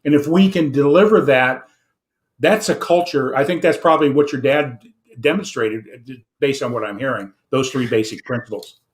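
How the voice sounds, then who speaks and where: A man hosts an interview and works as a financial coach. He talks in an earnest, reflective way and sums up his guest's points. He repeats phrases and uses fillers, at a middle pitch. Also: moderate pace.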